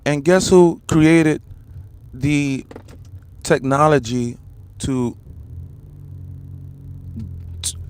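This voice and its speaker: A man's voice: a little high, no echo. An American man hosting a political commentary livestream, ranting heatedly, repeating his points and firing rhetorical questions while talking straight to his viewers. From United States. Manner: addresses viewers and the comment section directly. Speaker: livestream host.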